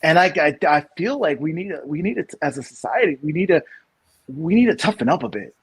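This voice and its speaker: A man's voice: a little high, lively intonation, fairly quick, breathy edge. A man in his thirties from New York, co-hosting a casual podcast and rambling through opinions with many restarts and emphatic bursts. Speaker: podcast co-host.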